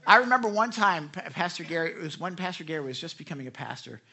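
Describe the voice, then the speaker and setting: A middle-aged male pastor preaches with lively energy, slipping into little acted scenes of the people he talks about. His voice sits a touch high for a man and rings bright and forceful. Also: fast talker. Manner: animated, acts out quoted people. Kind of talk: sermon.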